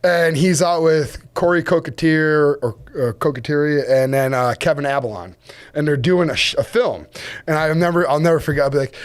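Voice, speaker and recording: Podcast guest, male charter captain: animated storyteller, slightly high voice, quick laughs. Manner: animated, laughs often, acts out quotes in a higher voice. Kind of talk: casual storytelling. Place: podcast studio.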